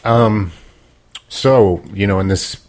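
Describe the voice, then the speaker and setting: A man's voice: fairly low pitch, takes it slowly, a little mellow. A man co-hosting a podcast in casual chat, teasing his co-host with dry one-liners. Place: home in Nashville.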